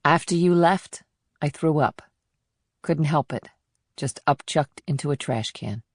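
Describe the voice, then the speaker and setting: A woman voicing a blunt, wry female FBI agent in an audiobook, speaking in a low, plain manner. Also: unhurried, dry recording, studio quality. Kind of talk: audiobook dialogue.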